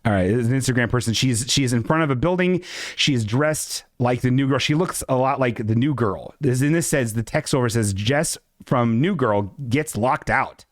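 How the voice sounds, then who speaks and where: A man's voice: mid-range voice, normal speed, no echo, studio quality. Rambling, profane man hosting a stream. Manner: rambling, profane, self-mocking. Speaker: live show host. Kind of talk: casual livestream chat.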